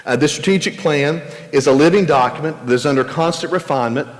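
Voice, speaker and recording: A man's voice: fairly high pitch, fast, big-room sound. A man, a pastor, talking earnestly and conversationally to his congregation, often restarting his words. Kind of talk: church teaching session. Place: church sanctuary.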